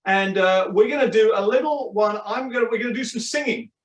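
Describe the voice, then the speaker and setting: A man's voice: high-pitched, fairly quick, far from the mic. A man hosting a webinar, playful and encouraging the audience. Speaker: webinar host. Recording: echoey room, off-mic.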